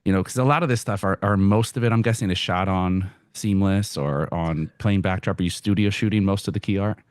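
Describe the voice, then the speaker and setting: Deep-voiced male interviewer, dry sound. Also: a little fast, a little mellow, no echo. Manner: thinks aloud, paraphrases the guest. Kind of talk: casual interview.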